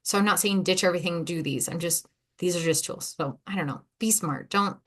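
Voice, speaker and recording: Here the ADHD coach's voice is fairly low, a bit bright and fairly quick as she hosts her solo podcast. She chats casually and loosely, cutting off mid-thought, doubling up words and laughing often.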